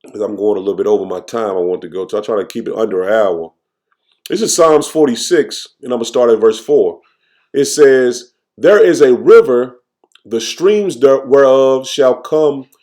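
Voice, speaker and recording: A man teaching scripture informally, tagging nearly every phrase with "man" and reading verses slowly with restarts. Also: lowish voice, mellow. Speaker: preacher.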